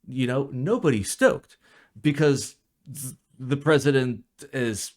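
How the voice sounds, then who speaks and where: Speaking slowly, a young keyboard reviewer rants casually in a vlog about keyboards. His profane, rambling talk lurches from quiet muttering to loud bursts, and he sounds jet lagged.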